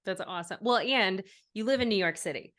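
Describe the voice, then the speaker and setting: A woman's voice: mid-range voice, a bit bright. A woman hosting a podcast interview, friendly and upbeat, chatting and reading her own sponsor spot. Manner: friendly, upbeat, quick affirmations. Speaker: podcast host. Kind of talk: casual interview chat.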